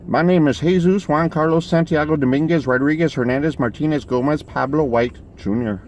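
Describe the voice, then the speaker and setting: A man's voice: high-pitched, huge pitch swings, rapid-fire, dark tone, slight background noise, voice pushed up. A man voicing a friendly young man he met at a gas station, giving short, amused replies. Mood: proud.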